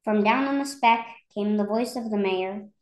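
A woman's voice: mid-range voice, normal speed, a little mellow. A woman reading a rhyming children's story aloud in a rhythmic, lilting way. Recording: roomy echo.

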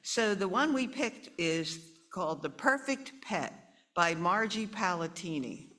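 A woman reading a picture book aloud to children, animated and chatty. She breaks off between pages to talk with the kids and explain the story. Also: fairly low pitch, a little slow.

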